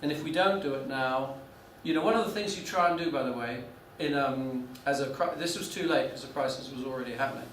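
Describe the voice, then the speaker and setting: A man's voice: medium pitch, fast talker, few pauses, a bit bright, a little hiss or hum. A man lecturing a class, telling a business story with many restarts and fillers. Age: 40s. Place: lecture room. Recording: echoey room, mic from a distance.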